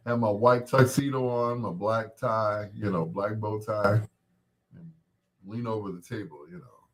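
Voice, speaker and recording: A man around 60 hosting a casual chat, rambling in a relaxed way and greeting viewers by name. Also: fairly low pitch, a little slow. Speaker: host.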